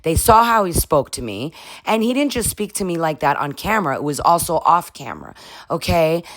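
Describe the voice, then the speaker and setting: A woman's voice: low voice, sing-song, brisk, no room sound, voice pushed up. A woman imitating an aggrieved female reality-show star who complains and swears. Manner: whiny and profane.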